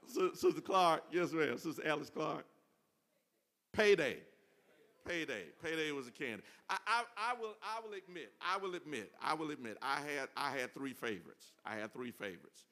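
Man, pastor, informal sermon, bright voice, playful, repeats phrases, church congregation. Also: on the high side, lively intonation, moderate pace, long reverb tail. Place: church service.

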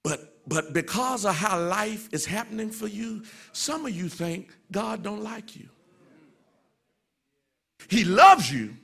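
A man preaching a sermon as pastor, swinging from soft, low passages to loud, shouted refrains. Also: sing-song, slow, vocal fry, slightly rough.

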